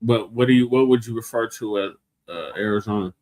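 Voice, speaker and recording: A man with a fairly low voice co-hosting a casual talk show. He drops in short, wry quips and reads the closing plugs quickly. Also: darkish tone, no echo, poor audio. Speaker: co-host. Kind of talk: casual chat and show sign-off.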